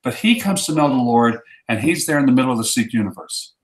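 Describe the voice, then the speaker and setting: A man's voice: medium pitch, animated, fast. Man, earnest storyteller, casual chat, echoey room. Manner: earnest storyteller who acts out quotes. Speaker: ministry guest.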